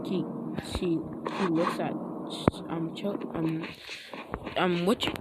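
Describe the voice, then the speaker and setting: A woman rambling through a fan-story retelling, halting often and mixing up names. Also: lowish voice, steady tone. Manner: halting, full of restarts and name mix-ups. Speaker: storyteller vlogger. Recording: loud background noise.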